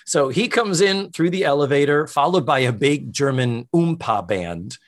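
A man co-hosting a podcast, retelling scenes in a lively casual way and acting out quoted lines. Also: a little high, normal speed. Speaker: podcast co-host. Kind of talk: casual chat.

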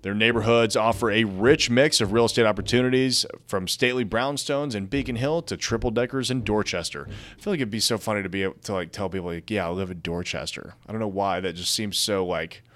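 A young man with a fairly low, slightly bright voice hosts a casual real estate news podcast at a fairly quick pace. He reads articles aloud and breaks in with chatty asides, offering casual market news commentary.

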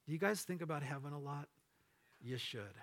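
A man's voice: fairly high pitch, brisk, fairly bright tone. A middle-aged man preaching a sermon as pastor, reading Bible verses aloud and adding casual asides to his congregation.

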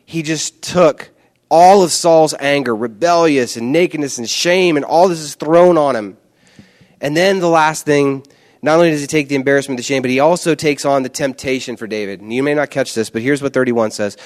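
A man with a fairly high voice preaches in a relaxed, conversational way. He leans on emphasis and repeats words to drive points home, shifting between quick asides and slow, weighty phrases. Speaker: pastor. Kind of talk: sermon.

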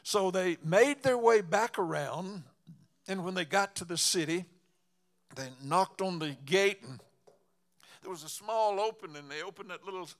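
A man preaching a storytelling sermon, halting and repeating words, breaking into fervent exclamations. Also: high voice.

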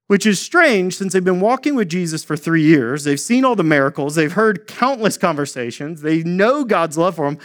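Male pastor, relaxed conversational sermon delivery, voice a bit on the high side. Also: normal speed, few pauses. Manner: conversational preaching, folksy asides.

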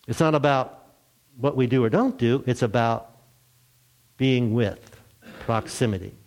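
A man preaching a sermon, telling a story with lively acted-out voices. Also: mid-range voice, measured pace. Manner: animated storytelling, acts out characters. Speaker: pastor.

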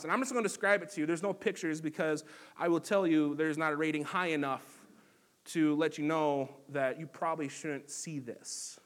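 A man's voice: high voice, a bit bright. A man preaching a sermon as pastor, earnest and conversational, with frequent fillers and restarts. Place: church sanctuary.

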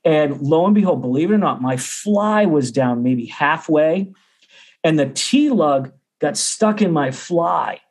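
A man's voice: a little high, slow pace. A middle-aged man, a percussion teacher, telling a story casually and acting out the other people's voices. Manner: animated, acts out others' voices.

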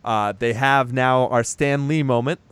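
Smooth-voiced man recapping a movie. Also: mid-range voice, fairly even intonation, measured pace, a bit bright, no echo. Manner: chatty, swears casually, teasing. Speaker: podcast host recapping a movie. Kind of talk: casual chat.

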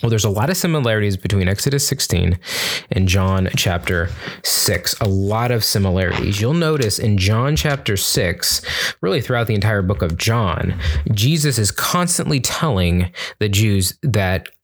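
Young male Bible teacher, low-pitched, relaxed chatty delivery with restarts. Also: normal speed. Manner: chatty, informal, many fillers and restarts.

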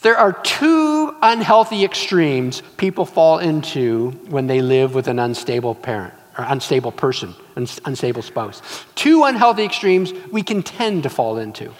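Casting: earnest male pastor with a high voice, preaching in a reverberant church hall. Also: big pitch swings, normal speed. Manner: earnest, storytelling. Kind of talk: sermon.

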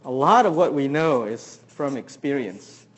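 A man preaching a sermon, who keeps asking the congregation questions and swings between loud emphasis and quiet asides. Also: mid-range voice, lively intonation, a little slow, slightly rough. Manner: asks the audience many questions. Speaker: pastor.

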